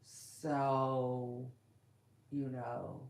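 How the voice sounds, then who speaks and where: This woman's voice is extremely low and darkish, with flat delivery and drawn-out words. Hosting a podcast, she gossips casually about celebrities in slangy talk, sighing and laughing along the way, and the room around her echoes.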